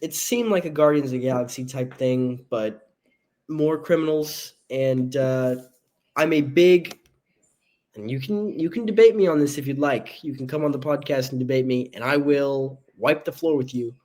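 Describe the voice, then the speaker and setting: A man co-hosting a casual movie podcast, bantering playfully with boastful jokes and quick asides. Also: mid-range voice, a little mellow. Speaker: podcast co-host.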